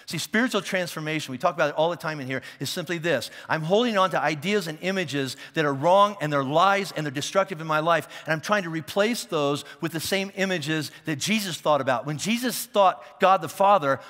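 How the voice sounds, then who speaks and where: A man's voice: on the high side, a little fast, fairly bright tone, big-room sound. A man preaching a sermon as a pastor, talking conversationally and checking in with listeners, often restarting his words. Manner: repeats and restarts words as he thinks. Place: church auditorium.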